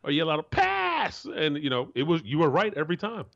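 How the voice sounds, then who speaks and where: A man's voice: expressive, fast, highs cut off. Blunt, profane man on sports talk. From Florida. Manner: blunt and profane, acts out quotes in a high voice. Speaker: co-host, former NFL player.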